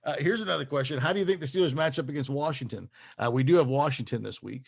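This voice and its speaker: A man co-hosting a casual sports chat, upbeat and quick to laugh. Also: medium pitch, creaky. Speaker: podcast co-host.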